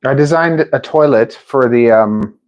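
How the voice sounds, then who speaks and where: A male streamer who builds drones chats casually on a live stream at home, indoors near a kitchen sink. His average-pitched voice moves a little slowly as he rambles, often restarting sentences and laughing at himself. The audio sounds dull.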